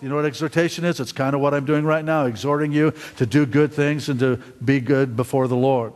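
A middle-aged man preaching a sermon as pastor, halting and repeating words, often asking the congregation questions. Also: on the high side, fairly even intonation, long reverb tail. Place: church sanctuary.

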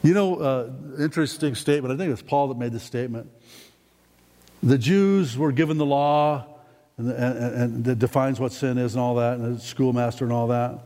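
A man preaching a sermon in a folksy, rambling way, often climbing to excited, emphatic peaks. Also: mid-range voice, moderate pace. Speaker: pastor. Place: church sanctuary. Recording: long hall reverb in a church.

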